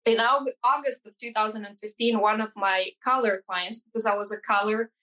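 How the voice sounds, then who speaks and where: A woman hairstylist telling a personal story in an interview, earnest and halting, often restarting her sentences and acting out dialogue. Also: mid-range voice, rough recording. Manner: animated, acts out dialogue in quoted voices. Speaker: hairstylist guest.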